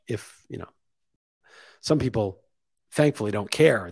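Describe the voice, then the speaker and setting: A man's voice: lowish voice, breathy edge, no echo. Opinionated man talking in a dry room. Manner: opinionated, thinking aloud, rising emphasis on key points. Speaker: podcast host. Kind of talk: casual opinion monologue.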